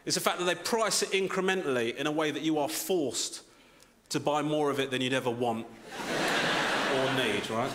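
High-voiced comic ranting on stage. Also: male voice, normal speed, heavy background noise. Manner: animated, mock-indignant rants. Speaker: stand-up comedian. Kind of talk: stand-up routine. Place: theatre stage before a live audience. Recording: echoey theatre with loud crowd.

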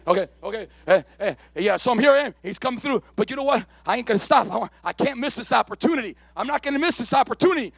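A male pastor preaching a live church sermon with impassioned repetition and calls to the congregation, at times shouting, at times dropping low. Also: lively intonation, fast, creaky, few pauses, slightly rough, no room sound. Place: church sanctuary during a live service.

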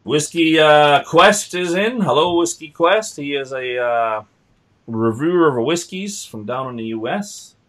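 A man's voice: fairly high pitch, expressive, a little slow, a bit bright. A man hosting a casual online tasting chat, joking and reading out viewer comments. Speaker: host.

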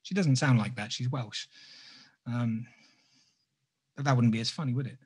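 A man's voice: medium pitch, moderate pace, husky. A man giving a live sculpting tutorial, chatty and self-deprecating, drifting into jokey asides. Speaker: sculpting instructor.

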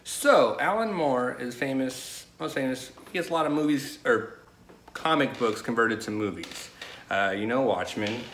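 A man's voice: mid-range voice, lively intonation, moderate pace, a bit bright. A man as guest in a casual chat, talking in a loose, rambling way. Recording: echoey room with faint noise.

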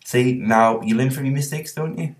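A man's voice: mid-range voice, normal speed. A young man, chatting casually and joking while playing a game on stream. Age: young adult. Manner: laid-back and jokey. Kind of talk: casual gaming chat.

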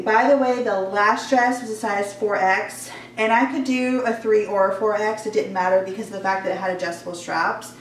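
A woman's voice: medium pitch, a little hiss or hum. A young woman chatting casually in a try-on haul, gushing over clothes with lots of fillers, slightly out of breath. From Georgia, US Southern. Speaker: fashion vlogger. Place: warm bedroom at home. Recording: echoey room, voice a bit far off.

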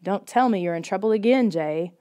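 A woman's voice: medium pitch, fairly quick, mellow, close to an everyday voice. A woman voicing an exasperated, scornful older sister, from a storybook audiobook. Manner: sighing, scornful.

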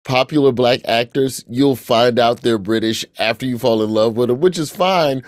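A man's voice: mid-range voice, normal speed, no echo, studio quality. Man from Alabama, joking storyteller. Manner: relaxed storytelling, joking asides. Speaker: actor and comedian guest. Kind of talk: casual interview chat.

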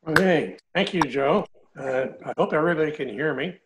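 A man's voice: a little high, fairly quick, a little hiss or hum, poor audio. An older man giving a guest talk from home to an online meeting, with dry, joking delivery. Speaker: guest speaker.

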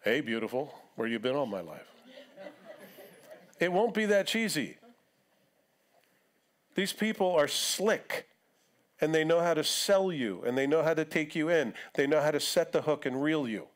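A man's voice: on the high side, moderate pace, long pauses. A male pastor preaching a live sermon to his congregation in a conversational way, acting out quotes now and then. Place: church sanctuary.

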